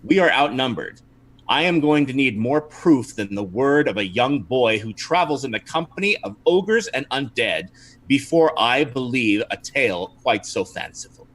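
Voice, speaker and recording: A man playing a cautious, formal town guard captain who speaks in halting, deliberate sentences during a tabletop game. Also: mid-range voice, expressive, a bit bright. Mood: stern.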